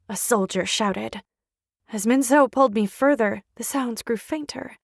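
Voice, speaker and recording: A woman reads a first-person audiobook with dramatic, emotional delivery. Her voice sits somewhat high with a gravelly fry, her pace is slow and deliberate, and the recording is close and dry. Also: fairly bright tone, no room sound. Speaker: audiobook narrator. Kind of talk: scripted narration.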